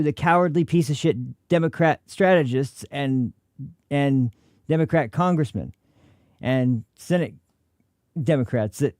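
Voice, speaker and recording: A man's voice: on the high side, a little mellow, dry recording, studio quality. An American man hosting a political livestream, reacting to clips in an angry, profane rant. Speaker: political commentary host.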